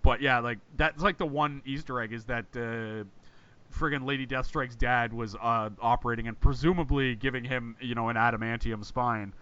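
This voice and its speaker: A man co-hosting a podcast, talking fast and rambling, often swearing and laughing. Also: mid-range voice, steady tone, bright, forceful tone, smooth, muffled recording. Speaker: podcast co-host. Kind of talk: casual chat.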